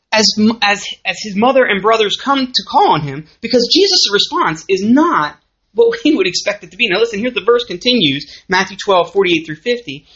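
A woman with a Southern US accent teaches a church lesson in a conversational way, checking in with her listeners as she goes. Her voice is bright and rises and falls a lot. The recording sounds dull and muffled. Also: medium pitch. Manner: lively, conversational, asks the audience questions. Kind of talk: sermon.

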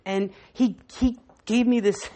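Lively older woman preaching. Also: medium pitch, measured pace. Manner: lively and conversational, acting out quotes and laughing. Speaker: pastor. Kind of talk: sermon.

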